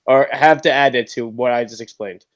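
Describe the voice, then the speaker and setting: A man's voice: medium pitch, a little fast. A man on a casual podcast, recapping a film in a rambling, hesitant way full of fillers.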